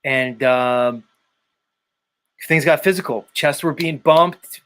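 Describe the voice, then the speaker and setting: A man hosting a live stream, talking casually in an animated, rambling way with frequent swearing. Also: fairly high pitch, slow, clear, resonant tone. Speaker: host.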